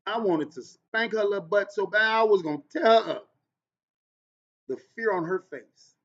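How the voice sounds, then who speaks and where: Man, podcast host, high voice, casual storytelling, vernacular speech, big swings in loudness, dull lo-fi audio. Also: moderate pace. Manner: uses Black American vernacular. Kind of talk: casual solo podcast monologue.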